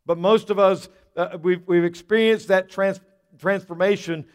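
A man with a fairly high voice preaches a sermon in a church sanctuary, and a long reverb trails after his words. He talks in a conversational way as pastor and often repeats words as he goes. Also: fairly even intonation, moderate pace, smooth. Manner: conversational, repeats words while telling a story.

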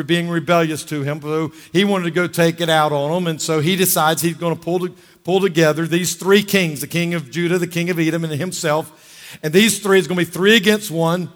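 Male pastor, sermon, fired-up exhorting delivery, slightly high voice, long hall reverb. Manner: fired-up, exhorting, calls for amens.

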